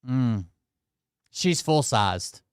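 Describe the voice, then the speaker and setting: Guy riffing on clips, mumbly and offhand, smooth close voice no room. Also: mid-range voice, expressive, drawn-out words, dry recording. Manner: offhand, muttering reactions, self-deprecating. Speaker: host. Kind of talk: casual reaction commentary.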